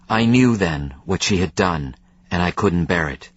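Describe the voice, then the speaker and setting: A man giving measured, tense first-person audiobook narration. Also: low voice, animated, slightly rough, dull audio.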